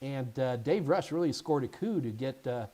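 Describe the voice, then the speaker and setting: A man hosting a casual live Q&A stream as an IT certification instructor, chatty and animated, with jokey asides. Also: medium pitch, moderate pace.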